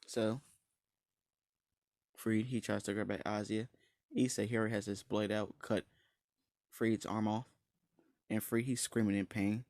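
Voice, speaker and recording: Gravelly low-voiced man rambling a story. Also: flat delivery, measured pace, long pauses, darkish tone, no echo, clean studio sound. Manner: rambling, slangy, with restarts and swearing. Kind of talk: casual fan-story narration.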